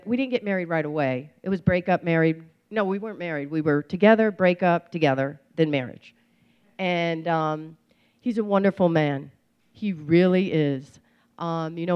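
A woman's voice: on the low side, clear, resonant tone. A woman sharing her recovery story in a casual, rambling way, with lots of fillers and restarts. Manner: rambling, warm-humored, many fillers and restarts. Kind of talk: personal testimony, casual storytelling. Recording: slightly dull lo-fi recording.

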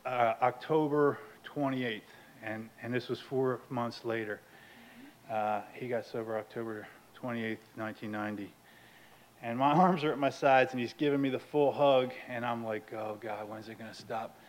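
A man sharing his recovery story at a meeting, candid and self-deprecating, laughing often and moving between hushed and animated telling. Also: medium pitch, normal speed, a little hiss or hum. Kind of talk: personal storytelling.

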